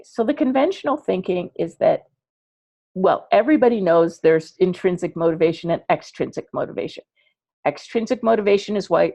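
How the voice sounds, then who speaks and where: A woman coaching parents in an online class, chatty and animated, acting out little dialogues as she explains. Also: lowish voice, creaky, no room sound. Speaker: ADHD coach teaching parents.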